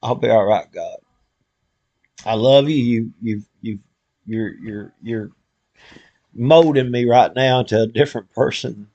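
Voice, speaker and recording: An older man leads a heartfelt, folksy prayer for his online viewers. His voice is gravelly and creaky, and the stream audio sounds dull and muffled. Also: medium pitch, a little slow, long pauses, darkish tone, dry recording. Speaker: live stream host.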